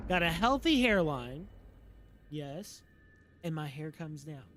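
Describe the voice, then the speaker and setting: A man with a fairly high voice streams a game and chats loosely with his viewers. His talk is relaxed and full of slang, and he sounds sleepy. Faint noise sits behind his stream microphone. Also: a little slow. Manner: relaxed and slangy, talking to chat. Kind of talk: casual live-stream chat.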